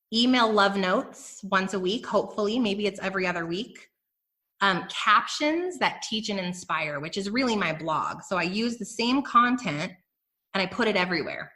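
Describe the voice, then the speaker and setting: Bright, emphatic woman podcast host. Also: mid-range voice. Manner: energetic, emphatic, addresses listeners as "you guys". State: emotional, near tears. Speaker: podcast host and business coach. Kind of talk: motivational podcast talk.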